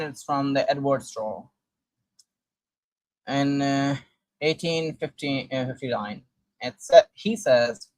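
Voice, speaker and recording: Halting man reading sources aloud. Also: a little high, dry recording, low-quality recording. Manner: halting, with frequent restarts and fillers while reading. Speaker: commentator presenting sources.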